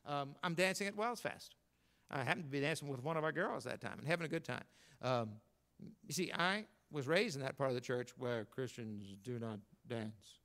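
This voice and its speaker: An older man preaching a sermon as pastor, telling folksy stories and swinging between emphatic lines and quiet asides. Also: moderate pace. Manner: folksy storytelling, rising to emphatic then dropping low.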